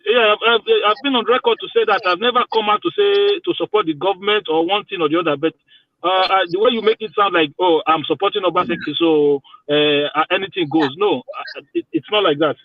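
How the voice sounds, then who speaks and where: A man's voice: high voice, fast, no room sound. Defensive Nigerian man on a tinny phone line. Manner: defensive, stammering restarts. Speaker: debate panelist. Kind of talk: heated debate.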